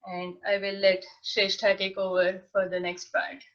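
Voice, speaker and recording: Woman yoga teacher, calm and measured, explaining theory; dull lo-fi call audio. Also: mid-range voice. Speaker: yoga instructor. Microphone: video call. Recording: muffled lo-fi video call audio.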